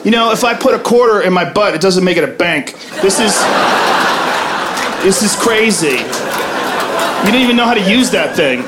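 A man doing a profane stand-up comedy routine on a club stage, brash with loud punchlines. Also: sits high, lively intonation, moderate pace, long pauses, very noisy. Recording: live club recording, audience laughter. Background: crowd laughing.

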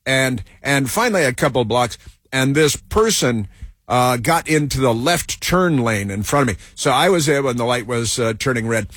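A man hosting a talk radio show, telling a story in a sarcastic, deadpan way. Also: mid-range voice, moderate pace, no room sound, studio quality. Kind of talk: casual talk radio monologue.

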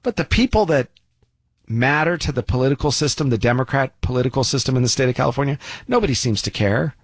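A man's voice: medium pitch, expressive, quick pace, breathy edge, dry recording. Folksy, sarcastic male commentator. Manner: folksy, sarcastic, with lots of asides. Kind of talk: opinion commentary monologue.

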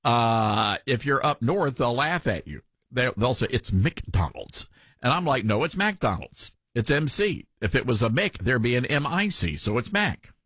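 A man's voice: medium pitch, expressive, normal speed, a bit bright, no echo, clean studio sound. A man from Tennessee with a mild Southern accent, hosting a talk radio show in a folksy, opinionated way.

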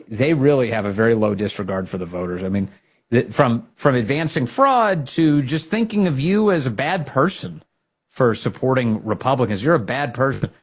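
Husky man hosting political commentary. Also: medium pitch. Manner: emphatic, grows loud and excited when rallying. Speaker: political talk show host.

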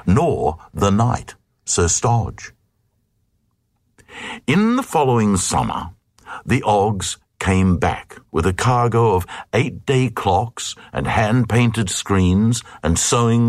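A man's voice: on the low side, darkish tone, dry recording. A man reading a comic narrative poem aloud in a rhythmic, sing-song recitation.

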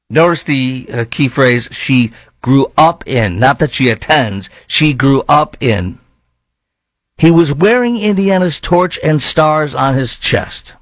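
A man delivers opinionated political commentary in a sarcastic, argumentative voice of ordinary pitch. The recording sounds dry and close, with no room around it. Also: dry recording, poor audio. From lives in Dallas-Fort Worth.

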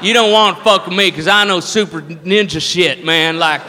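Comedian doing a drunk, boasting redneck brawler. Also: male voice, high-pitched, steady tone, moderate pace, sharp tone, long reverb tail, a little hiss or hum. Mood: boastful. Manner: swaggering, threatening, repeats "man".

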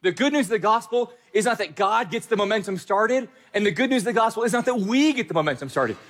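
A man's voice: sits high, lively intonation, fast, fairly bright tone. A male pastor preaching a sermon, speaking emphatically and repeating phrases for stress.

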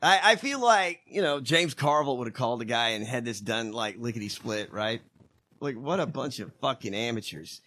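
A bright, high-pitched man riffing profanely and mockingly in a casual podcast chat. His voice swings widely up and down as he talks. It sounds tense and sharp. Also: very animated, moderate pace. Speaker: podcast co-host.

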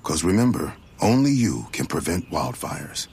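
A man voicing a wise forest bear in a public service ad, slow and solemn. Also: extremely low pitch, big pitch swings, creaky, a little mellow, husky, heavily acted. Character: Smokey Bear, deep-voiced wise forest bear.

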